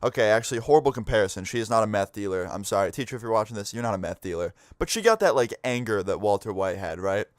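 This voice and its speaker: A man's voice: fairly low pitch, animated, fast talker, hardly any pauses, no echo, studio quality. A young man vlogger telling a casual story, full of swearing and "like". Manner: casual, swears a lot, lots of "like".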